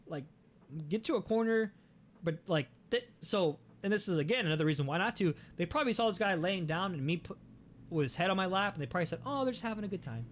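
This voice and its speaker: A young man hosting a podcast, telling a story in a casual, animated way, swearing often and restarting his sentences. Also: high-pitched, fast. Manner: animated, profane, many restarts. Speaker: podcast host.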